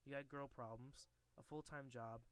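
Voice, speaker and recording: A man's voice: mid-range voice, moderate pace, natural voice. A man reading a tired, wisecracking young male superhero's lines from a comic, plainly and barely acted. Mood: wry. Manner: flat read-out dialogue, barely acted.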